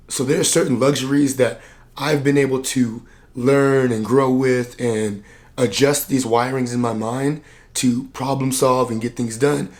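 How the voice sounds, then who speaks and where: A man who works as a coach, talking candidly to camera in a vlog, earnest and reflective, and tired and low on energy. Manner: earnest, reflective, plain-spoken with many "like" fillers. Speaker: personal development coach and vlogger.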